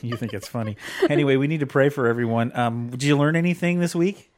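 A man's voice: mid-range voice, fast, darkish tone. A man co-hosting a podcast with his wife, bantering and then leading a spoken prayer. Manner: joking, then earnest prayer. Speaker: podcast co-host. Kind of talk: casual chat and spoken prayer.

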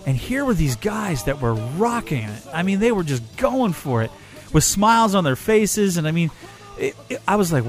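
A man telling a personal story in a casual, animated way, getting emotional as he goes. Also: high voice, moderate pace, faint music behind. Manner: animated, emotional, grows excited. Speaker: storyteller recounting a concert.

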